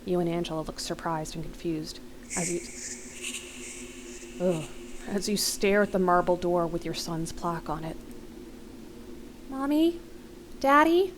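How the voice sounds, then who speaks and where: A woman's voice: fairly low pitch, fairly even intonation, brisk, slight background noise, poor audio. A young woman hosting a let's play, reading an interactive horror novel aloud into a desk mic, breaking her dramatic reading with startled gasps and comments. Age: young adult.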